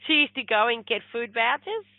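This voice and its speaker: A woman's voice: a little high, dry recording. A middle-aged woman telling a personal story in a casual interview, chatty and rambling, acting out what people said. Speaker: guest, spiritual medium. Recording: tinny phone-like line, dry.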